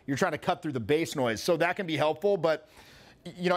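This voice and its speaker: Give me a man with a slightly high voice giving a casual, animated seminar talk. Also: a little fast. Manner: casual and animated, with frequent swearing. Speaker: social skills coach. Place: seminar room with an audience.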